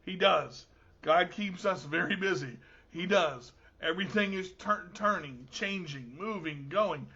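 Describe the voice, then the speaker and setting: Slow, high-voiced joking male host. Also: bright, forceful tone, slightly rough, lo-fi sound. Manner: jokey, playful storyteller. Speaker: show host. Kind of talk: casual podcast talk.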